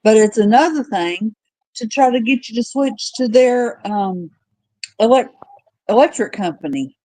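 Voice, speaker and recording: A woman co-hosts a casual chat with a mellow, dark tone and drops in wry jokes. The audio is dry and close. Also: fairly high pitch, expressive, unhurried, no room sound, rough recording. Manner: wry joking interjections.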